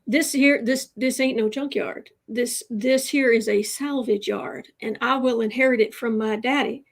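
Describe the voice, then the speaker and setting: A woman putting on a young rural son who proudly repeats his family's line in a slow, earnest West Virginia drawl. The voice is a little high and unhurried. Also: steady tone. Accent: West Virginia, put on.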